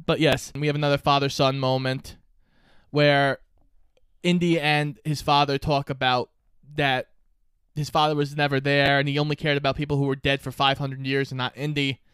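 A man co-hosting a podcast, casually recapping a movie's plot and tossing in quick quoted lines. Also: medium pitch, little pitch movement, a bit bright, clear, resonant tone, no echo, clean studio sound. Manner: recaps plot, quoting lines in offhand voices. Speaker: podcast co-host.

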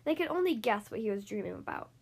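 A woman reading a children's picture book aloud, slowly and expressively. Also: on the high side, lively intonation, gravelly, breathy edge. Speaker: reader.

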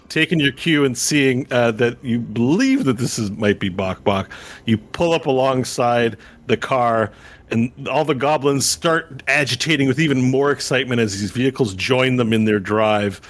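A man's voice: mid-range voice, moderate pace. Rambling man narrating a tabletop game. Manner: rambling, filler-heavy, restarts a lot. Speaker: game master.

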